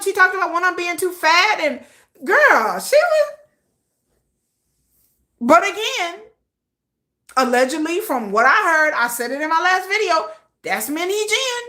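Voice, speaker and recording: Blunt, animated woman commentator, bright voice. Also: very high-pitched, moderate pace, long pauses. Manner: blunt, animated and slangy, acting out quoted lines. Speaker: livestream host and commentator. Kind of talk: casual opinion livestream.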